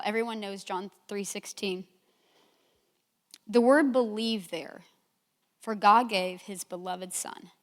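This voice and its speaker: A woman's voice: medium pitch, fairly bright tone. A middle-aged woman giving a sermon, telling candid stories about her own life and acting out her own reactions. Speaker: speaker at a church gathering. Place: church sanctuary. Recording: long hall reverb.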